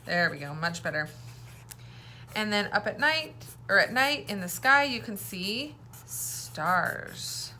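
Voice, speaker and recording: A woman teaches young children to read, talking slowly and clearly with a bright, lively pitch. She keeps prompting them to say the words back to her. A faint hum of noise sits behind her voice. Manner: slow, clear, encouraging teacher talk with call-and-response prompts. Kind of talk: early-reading phonics lesson.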